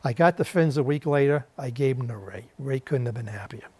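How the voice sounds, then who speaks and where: On a TV interview show, a New Yorker who interviews war veterans tells a story, animatedly performing the voices of the people involved. His mid-range voice is darkish and a little fast, with a little hiss or hum on the recording.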